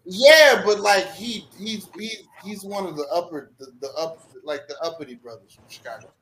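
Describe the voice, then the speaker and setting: A man chats as a podcast guest, teasing and laughing his way through the talk. His voice rides high and swings widely in pitch, and there is a faint hum of noise behind him. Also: normal speed, poor audio. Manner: animated and playful, laughs often, teasing. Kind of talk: casual chat.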